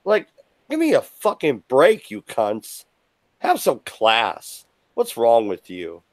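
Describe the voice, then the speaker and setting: A buzzed man hosting a live stream from his desk at home, ranting angrily with lots of swearing, swinging between shouts and mutters. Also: medium pitch, wildly swooping pitch, slow pace, dry recording. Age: adult with children. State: a little buzzed. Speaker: livestream host. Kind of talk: profane live-stream rant.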